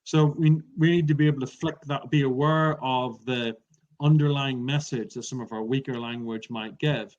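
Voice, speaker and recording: Man, speaking trainer, emphatic, explaining, mid-pitched, muffled lo-fi audio. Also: steady tone, moderate pace, darkish tone. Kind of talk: coaching interview talk. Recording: dull lo-fi sound.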